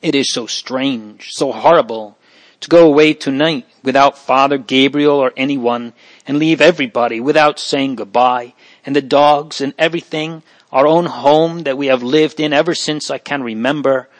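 A man's voice: medium pitch, normal speed, dry recording, natural voice, rough recording. A man voicing a tearful young girl. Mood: distressed. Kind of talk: audiobook reading.

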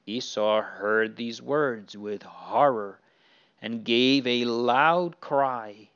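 Speaking very slowly in a mid-range, fairly bright and clean voice, a man earnestly tells children a Bible story, at times addressing the characters directly. The recording itself is dull and lo-fi.

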